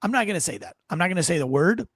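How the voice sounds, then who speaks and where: A man hosting a podcast in casual chat, rambling and animated, often poking fun at himself, on a close studio mic. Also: high voice, very fast, no room sound. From North Carolina. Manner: rambling, animated, self-deprecating. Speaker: podcast host.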